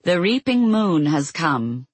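A cruel winged goddess of strife, put on by an audiobook narrator, taunting in a slow, drawn-out, mocking voice. The sound is dry and close, a little husky. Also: medium pitch, sing-song, no echo, full character voice. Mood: gloating.

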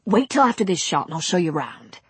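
Woman voicing a pushy Cockney male director, loud and insistent, breathy edge. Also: fairly low pitch, big pitch swings, brisk, no echo, full character voice. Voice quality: forceful, a little too compelling. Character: brash film director man, pushy and compelling.

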